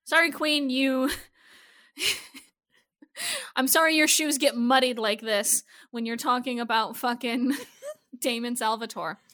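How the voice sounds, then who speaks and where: A woman's voice: on the high side, slow pace, pauses often, no room sound, clean studio sound. A woman co-hosting a podcast, recapping a TV episode in casual chat and swearing freely. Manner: profane, animated, laughing often. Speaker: podcast co-host.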